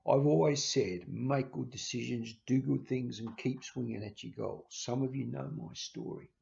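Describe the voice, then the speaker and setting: A man hosting his own vlog, talking in a halting way with many restarts and stammers and sounding emotional. He records on a handheld camera. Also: medium pitch, vocal fry, darkish tone. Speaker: channel host. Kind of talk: casual farewell vlog. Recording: slightly dull lo-fi recording.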